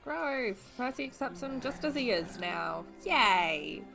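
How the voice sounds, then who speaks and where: A young Australian woman reacting to films, exasperated and swearing as she yells at the screen. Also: high-pitched, expressive, a little slow, vocal fry, music in the background. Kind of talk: casual reaction commentary. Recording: film audio playing behind.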